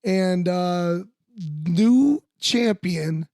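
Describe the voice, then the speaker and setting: A man co-hosting a casual wrestling podcast, talking in an animated, profane way and laughing often. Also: high voice, extremely slow, no echo, studio quality. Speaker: podcast co-host, former wrestler. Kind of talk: casual sports chat.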